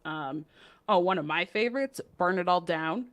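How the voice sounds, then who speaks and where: A woman with a lowish, animated voice talks at normal speed as co-host of a card game podcast. Her casual chat is upbeat and full of laughs and fillers.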